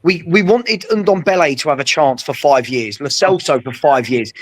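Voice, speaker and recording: A man, co-hosting a casual football chat, emphatic and often checking agreement with a quick question. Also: a little high. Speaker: co-host.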